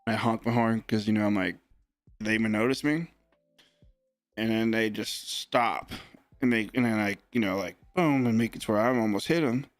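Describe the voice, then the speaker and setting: A young man breaking sports cards on a live stream, telling a story in a rambling, animated, casual way. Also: on the low side, normal speed, no echo, faint music behind.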